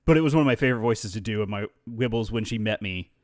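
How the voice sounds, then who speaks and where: In clean studio sound with no echo, a streamer and voice actor with a lowish voice talks fast, chatting casually and animatedly on a live stream. He tells stories about voice acting and slips into voices as he goes.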